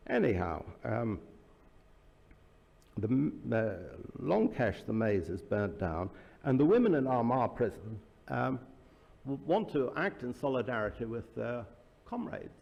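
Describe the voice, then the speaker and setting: A man's voice: mid-range voice, sing-song, measured pace, creaky, a little mellow, dull audio. A man speaking as an author at a book launch, telling anecdotes in a loose public talk, with many fillers and restarts. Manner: storytelling with frequent fillers and restarts. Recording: reverberant hall.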